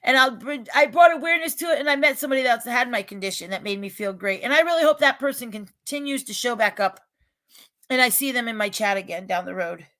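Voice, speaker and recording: A woman with a regional American accent, talking to her livestream chat in a high, bright voice. She rambles and restarts her sentences, and her emphatic delivery turns loud when she is upset. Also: quick pace. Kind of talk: casual chat, defensive and venting.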